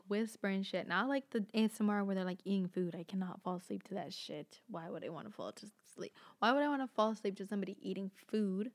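A woman's voice: mid-range voice, a little mellow. Young woman host, loose solo podcast ramble, filler-heavy, casual swearing.

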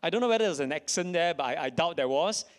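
A man's voice: on the high side, expressive, fast talker. A man preaching a sermon to a live audience, reading scripture dramatically and repeating key lines for emphasis. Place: church in front of an audience.

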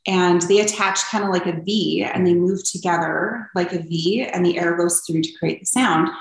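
As an interview guest, a young Canadian woman shares her personal story earnestly and openly, saying "um" often. Her voice is on the low side at a normal speed, recorded in an echoey room.

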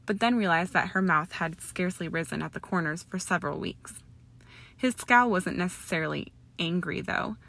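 Woman, audiobook narrator, soft, even, slightly low voice. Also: creaky. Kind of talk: audiobook reading of fan fiction.

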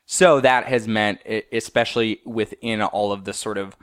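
Wry young man with a low, dry voice. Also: fairly even intonation, normal speed, a bit bright, clear, resonant tone, dry recording. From United States. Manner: wry, rambling, easygoing. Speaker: podcast guest, comedian. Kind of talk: casual chat.

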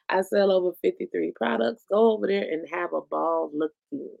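A woman's voice: fairly low pitch, normal speed, vocal fry, hardly any pauses, a little mellow, dry recording. A woman co-hosting a podcast in loose, blunt casual chat, swearing freely and laughing often. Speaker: podcast co-host.

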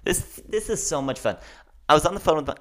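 Rambling, excitable young man podcasting. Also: a little high. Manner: rambling, excitable, self-described fast talker. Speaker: podcast host. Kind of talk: casual solo podcast rant.

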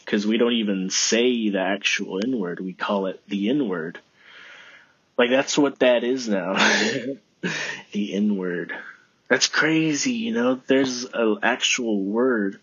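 A man with a lowish, slightly bright and somewhat rough voice hosts his own podcast, talking to himself in a loose, rambling way and swearing often. The recording is muffled, with no room sound.

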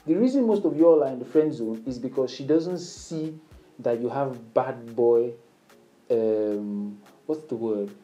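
Speaking at a measured pace in a dark tone, a dating advice man chats casually to the camera, teaching how to flirt and acting out sample lines in a higher, playful voice. The lo-fi recording carries faint music in the background.

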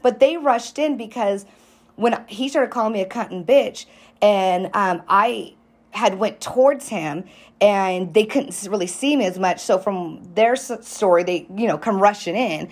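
Brief: woman, casual storyteller, animated and profane, acts out every quote. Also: medium pitch, unhurried. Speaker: storyteller recounting a fight. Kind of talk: casual group chat.

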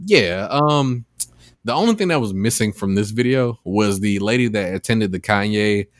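A man's voice: on the low side, animated, normal speed, no echo, clean studio sound. A man hosting a podcast, chatting casually and rambling with lots of fillers as he retells a story. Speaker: podcast host. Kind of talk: casual chat.

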